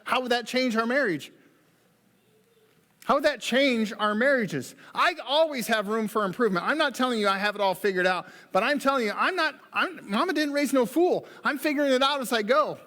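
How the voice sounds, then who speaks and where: A man's voice: extremely high pitch, bright, forceful tone, in a large hall. A man preaching a sermon on marriage as pastor, talking in a folksy way with joking asides. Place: church sanctuary.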